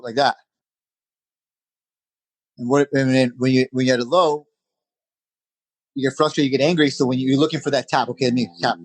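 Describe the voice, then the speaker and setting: A man, a jiu-jitsu instructor, chatting as a podcast guest in an energetic, conversational way, with lots of "you know" and "man.". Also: mid-range voice, no echo, rough recording. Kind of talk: casual interview chat.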